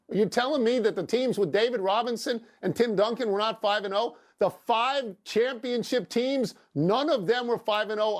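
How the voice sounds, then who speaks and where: High-voiced wry male sports host. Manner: wry, teasing, dry sarcasm. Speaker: sports talk show co-host. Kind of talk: sports debate show.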